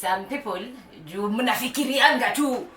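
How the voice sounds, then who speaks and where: A young woman with a Kenyan accent and a slightly high, fairly bright voice chats unhurriedly to camera as a vlogger. She's playful, laughs often, and mixes English and Swahili. She sounds far from the mic in a roomy home, with street noise outside and faint music behind.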